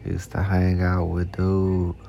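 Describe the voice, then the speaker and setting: A man with a deep, gravelly voice tells loose personal stories at an unhurried, drawn-out pace. His talk is slangy and full of profanity, circling back on words as he goes. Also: monotone, dark tone, lo-fi sound, slight background noise. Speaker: podcast host. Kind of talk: casual storytelling monologue.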